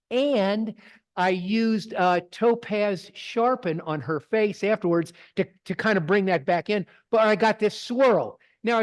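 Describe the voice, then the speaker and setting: A middle-aged man, presenting to a photography club in a folksy, digressing storytelling way. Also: high-pitched. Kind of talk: casual talk with slides. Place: club meeting room.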